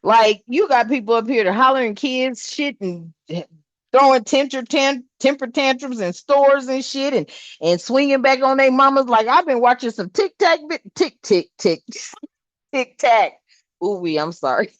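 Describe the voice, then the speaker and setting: A woman giving a casual tarot reading indoors, talking in an animated, slangy and profane way, often breaking into laughter. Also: sits high, moderate pace, no echo. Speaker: tarot reader. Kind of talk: casual spiritual reading monologue. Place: indoors, room with air conditioner. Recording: dull, dry lo-fi sound.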